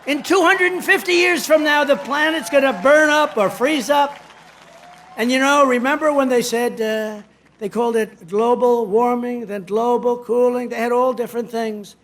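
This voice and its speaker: A man's voice: very high voice, steady tone, moderate pace, fairly bright tone, slight background noise. A man giving a rally speech in a rambling, boastful, digressive way. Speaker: politician addressing a rally.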